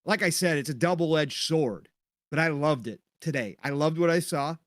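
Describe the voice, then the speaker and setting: A middle-aged man with a Minnesota accent, hosting a casual podcast chat in an emphatic, excited way with casual swearing. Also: on the high side, normal speed, no room sound, studio quality. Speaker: podcast host.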